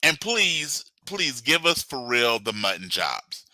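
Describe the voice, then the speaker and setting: Middle-aged male co-host, jokey riffer, very bright voice. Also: medium pitch, sing-song, dry recording, rough recording. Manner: jokey, riffing, quick asides. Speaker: podcast co-host. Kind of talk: casual chat.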